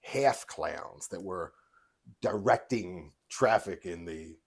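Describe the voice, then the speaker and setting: Animated gravelly-voiced man telling stories. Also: sits low, slow. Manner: animated storytelling, laughs often. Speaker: podcast co-host. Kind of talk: casual podcast chat.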